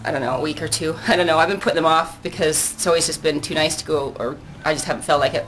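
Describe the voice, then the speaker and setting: An older woman with a somewhat low voice chats to her camera out on a balcony, a bit breathless after exercise. She rambles, restarts and laughs often in a casual vlog. A faint outdoor hum sits behind her. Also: quick pace, a bit bright, rough recording. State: out of breath and sweaty after a workout. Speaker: vlogger.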